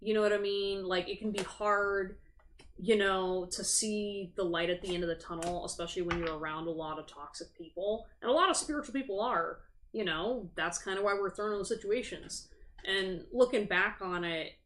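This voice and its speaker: A woman with a medium-pitched, slightly bright voice hosts a tarot livestream at a normal pace on a streaming setup. As a tarot reader she chats casually, frank, sympathetic and sassy, and swears freely.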